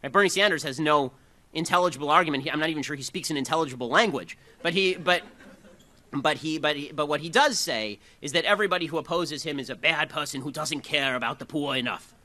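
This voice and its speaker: A man giving a fast, combative talk to a live audience, with sarcastic asides. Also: fairly high pitch, bright, forceful tone.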